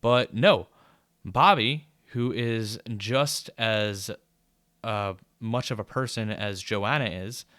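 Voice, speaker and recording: A man's voice: lowish voice, slow, a bit bright, clear, resonant tone, no room sound, studio quality. A man giving a rambling, sarcastic spoken book review with casual swearing.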